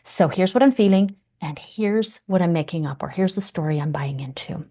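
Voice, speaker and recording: A woman's voice: on the low side, normal speed, dark tone. A woman teaching about relationships in an earnest, encouraging way, now and then acting out feelings in big exaggerated voices. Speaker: relationship coach. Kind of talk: teaching talk.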